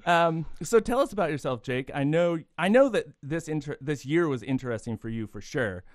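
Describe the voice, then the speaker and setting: A man's voice: a little high, animated, normal speed, no echo, studio quality. A podcast host telling jokes in a casual chat, rambling through his stories and laughing at his own punchlines. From Irish heritage.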